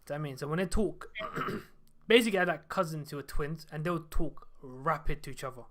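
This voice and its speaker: A man hosts a relaxed podcast chat. He talks quickly in casual slang, restarting his sentences as he goes. His voice sits a touch high for a man. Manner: rapid, slangy, self-interrupting. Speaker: podcast host.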